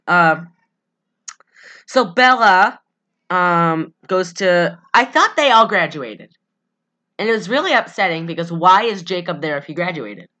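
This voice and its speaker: Woman co-host, bright lowish voice, loose rambling chat. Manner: rambling, animated, quick to laugh. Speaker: podcast co-host. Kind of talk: casual chat.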